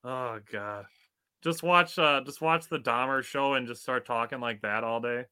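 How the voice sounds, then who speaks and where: A young man from Wisconsin co-hosts a sports podcast in easygoing chat. His voice is bright and forward, and he fills his talk with "dude" and "like." He sits in the middle of the usual male pitch. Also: moderate pace, clean tone. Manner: laid-back and chatty, with frequent "dude" and "like". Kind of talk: casual chat.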